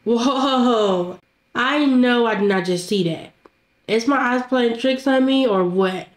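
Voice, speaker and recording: A woman's voice: on the high side, takes it slowly, echoey room. A young woman voicing a game role-play monologue, talking to herself in a dramatic, panicky way. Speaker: Roblox roleplay voice actor.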